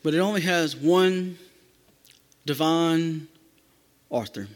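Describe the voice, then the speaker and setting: A male pastor with a notably high voice delivers an emphatic sermon, repeating phrases to drive them home. The sound rings with a long reverb, as in a church sanctuary. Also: moderate pace.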